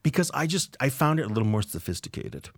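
A man's voice: mid-range voice, sing-song, quick pace, no room sound. Enthusiastic food podcast guy from south coast new england, dry close sound. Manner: enthusiastic, chatty, explains things. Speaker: podcast co-host. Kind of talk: casual food podcast chat.

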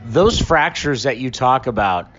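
A man's voice: mid-range voice, animated, unhurried, fairly bright tone, dull audio, soft background music. A man co-hosting a baseball talk show, chatting in a conversational, reflective way. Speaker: baseball podcast co-host. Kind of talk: casual sports chat.

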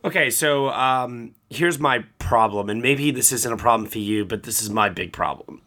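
A man hosting a podcast, giving a rambling, animated film review full of fillers. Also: mid-range voice, moderate pace. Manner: ranting, animated, many fillers. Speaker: podcast host. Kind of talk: casual film review chat.

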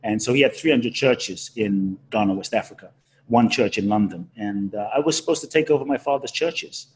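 Brief: male guest speaker, husky tone, emotional storyteller whose pitch leaps and who often restarts mid-sentence. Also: brisk. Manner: animated, swooping pitch with frequent restarts. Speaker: guest, spiritual teacher.

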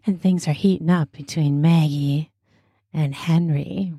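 A woman narrating a story in a slow, soft, intimate way. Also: deep voice, steady tone, husky, dry recording, studio quality. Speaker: storyteller and host.

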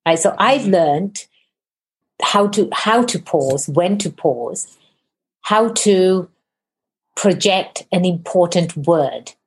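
Fast-talking, effusive woman host. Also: lowish voice, animated. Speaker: podcast host. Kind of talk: casual interview chat.

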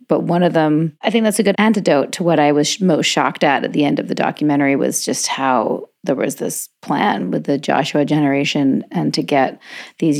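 A woman's voice: low voice, gravelly, darkish tone. A woman hosting a podcast interview, chatty and rambling as she thinks aloud. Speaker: podcast host. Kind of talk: casual interview talk.

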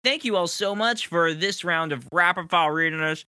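A man acting as game master, playfully quizzing his players in quick questions and laughing often. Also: fairly high pitch, pushed and bright, smooth, no echo, studio quality. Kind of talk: hosting a rapid-fire question round.

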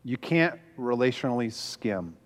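A man's voice: mid-range voice, lively intonation, a little slow, in a large hall. A man speaking as a pastor, telling a story with self-deprecating humor and many fillers. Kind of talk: humorous teaching talk.

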